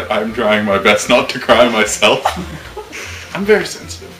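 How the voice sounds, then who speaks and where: A man's voice: mid-range voice, sing-song, slow pace, pushed and bright, soft background music. A young man on a casual panel who giggles through rambling answers. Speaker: panel member. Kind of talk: casual opinion chat. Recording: distant mic, noisy roomy room.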